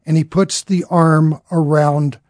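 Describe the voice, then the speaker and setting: A man's voice: a little high, flat delivery, takes it slowly, a little mellow, no room sound, studio quality. A man telling a dramatic story in an earnest way, acting out the characters' lines as he goes.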